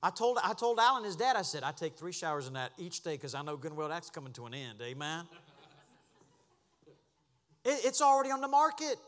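A man preaching a sermon as pastor, impassioned, dropping to a hush and then rising to a shout. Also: on the high side, sing-song, a little fast, long pauses, long reverb tail. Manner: impassioned, swings from hushed to shouting. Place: church sanctuary.

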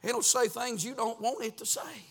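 A man preaching a sermon in a church, in a sing-song cadence that swings from hushed to shouting. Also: extremely high pitch, fairly even intonation, moderate pace, creaky. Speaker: pastor. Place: church sanctuary.

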